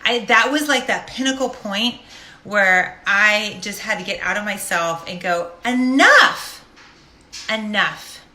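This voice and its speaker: A woman's voice: mid-range voice, a little slow, pushed and bright. A middle-aged woman telling a personal story to a live audience in a casual, jokey, self-deprecating way. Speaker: host of a live stream. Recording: echoey room.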